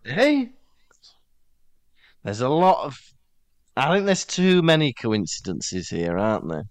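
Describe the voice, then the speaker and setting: A man's voice: mid-range voice, slow, no echo. A Welsh man co-hosting a podcast, chatting casually and telling jokey stories. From Wales. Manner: joking, animated storytelling. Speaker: podcast co-host. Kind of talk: casual chat.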